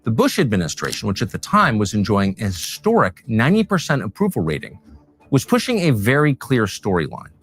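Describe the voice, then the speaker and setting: Animated male narrator with a pitch that moves freely, reading a scripted documentary over a faint bed of music. His delivery is measured and pointed, landing each claim firmly.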